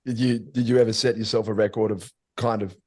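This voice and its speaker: A man hosting a podcast, asking relaxed open questions and backing the guest with short affirmations. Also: on the low side, fast. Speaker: podcast host. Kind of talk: interviewing in casual conversation.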